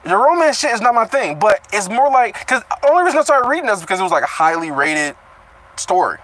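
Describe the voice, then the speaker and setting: Animated young man riffing over a chapter. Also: sits high, fast, poor audio. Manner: animated, swears freely, breaks off reading to riff, stumbles over words. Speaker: reaction streamer reading a web novel aloud. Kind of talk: casual live reading with commentary.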